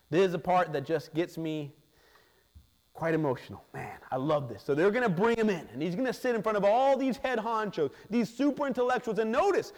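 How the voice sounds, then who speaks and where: High-voiced preacher in a reverberant hall. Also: male voice. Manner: expressive, acts out quoted voices. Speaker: pastor. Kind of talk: sermon.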